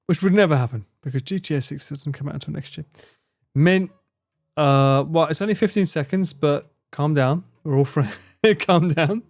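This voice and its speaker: A man's voice: fairly high pitch, normal speed, pauses often, darkish tone, dry recording. Young male streamer, raised voice, very dry close sound, playfully indignant, swears a lot. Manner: mock-outraged, teasing, swears freely. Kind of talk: casual live-stream chat.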